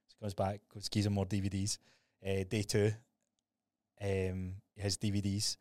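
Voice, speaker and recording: A man co-hosting a podcast, telling stories in a sweary, animated, casual way. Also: on the low side, brisk, dry recording, clean studio sound. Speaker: podcast co-host.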